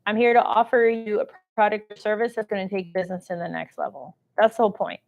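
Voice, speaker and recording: A woman's voice: medium pitch, steady tone, fast, gravelly, highs cut off. A woman hosting a live-streamed shopping show, talking chattily and salesy while reading out and answering viewer comments. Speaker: host of a live shopping stream on government contracting.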